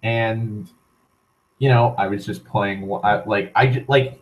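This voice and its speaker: Speaking slowly with fairly even intonation, this channel host has a lowish male voice, captured on a rough recording. He's a young man rambling through a long, casual story, cursing a lot and peppering it with "like" and false starts.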